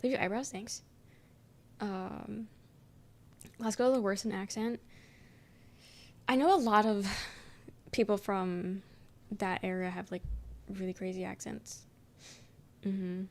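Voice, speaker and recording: A woman's voice: medium pitch, steady tone, slow, creaky, pauses often, a little mellow. Young woman streamer just yapping w chat, lots of ums and likes, swears casually. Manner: rambling, filler-heavy, swears casually, frequent "um". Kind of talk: casual chat reading viewer messages.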